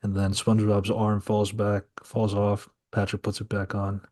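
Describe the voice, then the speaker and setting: A man with a fairly low voice walks through a film's plot scene by scene. He is loose and conversational, often restarting his sentences as he tells the story. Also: monotone, normal speed, a little mellow. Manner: storytelling, laid-back, many filler restarts. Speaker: podcast host reviewing a film. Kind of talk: casual scene-by-scene recap.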